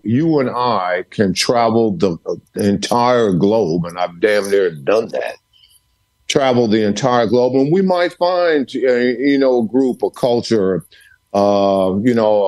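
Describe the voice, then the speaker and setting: A man's voice: mid-range voice, a little mellow. Emphatic man with a preacher's repetition. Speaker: podcast guest, author. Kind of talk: storytelling interview. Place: home study.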